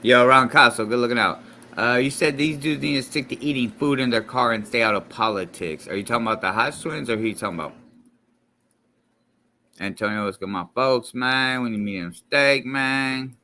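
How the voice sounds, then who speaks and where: A man hosting a casual reaction stream, rambling and halting between clips, swearing freely. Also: medium pitch, sharp tone, slight background noise. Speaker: commentary channel host.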